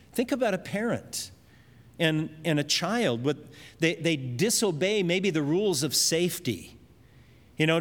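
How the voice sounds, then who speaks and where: A man's voice: sits high, big-room sound. A man preaching an expository sermon, earnestly explaining scripture verses with everyday examples.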